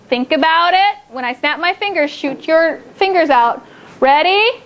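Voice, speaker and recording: Very high-pitched woman teacher doing a phonics drill with little kids, stretches words out slow, lots of "good job", noisy classroom behind. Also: fairly bright tone. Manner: slow, drawn-out words for children, upbeat praise. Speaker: second grade teacher.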